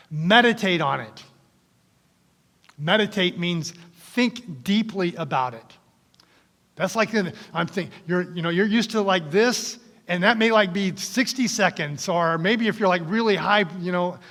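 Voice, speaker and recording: A man preaching a sermon as pastor in a church, conversational, sometimes dropping to a soft whisper. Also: sits high. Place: church sanctuary. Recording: long church reverb.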